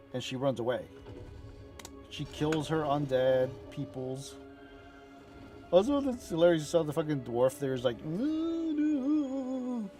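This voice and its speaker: A man chatting casually as he reacts to game cinematics, excitable, rambling and profane. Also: mid-range voice. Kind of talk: casual chat.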